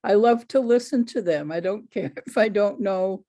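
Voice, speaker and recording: A woman storyteller answering audience questions over a video call in an unhurried, easygoing way. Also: mid-range voice, dark tone.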